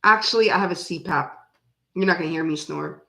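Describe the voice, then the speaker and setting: Hosting a casual card reading livestream, a woman in her forties chats with viewers as a tarot reader, rambling through anecdotes and laughing frequently. Her lowish voice is gravelly, pushed, and bright, moving a little fast, with roomy echo around it.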